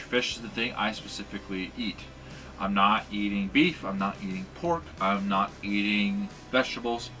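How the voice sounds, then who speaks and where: A man's voice: on the low side, normal speed, sharp tone, soft background music. A man teaching a language lesson in a casual, rambling way, with many fillers and restarts.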